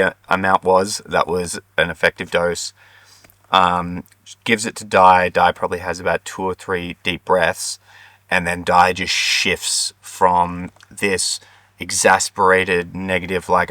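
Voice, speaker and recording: A young Australian man telling a personal story in an earnest, heartfelt way, with many pauses and ums. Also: sits low, little pitch movement, pushed and bright, dry recording. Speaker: vlogger co-host.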